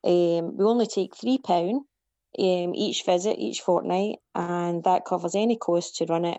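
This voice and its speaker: A woman's voice: fairly low pitch, dark tone, no room sound. A woman who runs a community choir, speaking earnestly over the phone and explaining things in plain steps. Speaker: choir founder and hairdresser. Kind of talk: phone interview. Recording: dull phone line.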